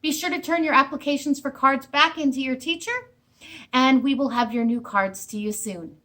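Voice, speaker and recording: A woman speaking as a children's librarian in a library room, giving an animated, sing-song storytime for first graders. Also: high-pitched, moderate pace.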